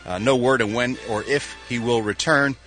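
A man's voice: mid-range voice, fairly even intonation, moderate pace, fairly bright tone, soft background music. A man reading showbiz news on a morning radio show, wry and sarcastic, with punchy lines and mumbled asides.

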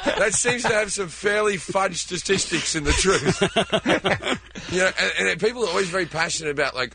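A man's voice: high-pitched, animated, a little fast, pushed and bright, husky, dry recording. An Australian man on a talk show, ranting sarcastically with laughs between points. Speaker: comedian guest.

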